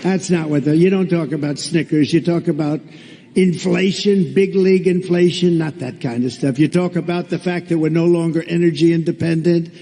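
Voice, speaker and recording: A man delivers a rally speech, blunt and sarcastic, circling back to the same phrases again and again. His voice sits high for a man but sounds mellow rather than bright. A long reverb trails each phrase, as in a large hall. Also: fairly even intonation, moderate pace. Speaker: political candidate at a rally.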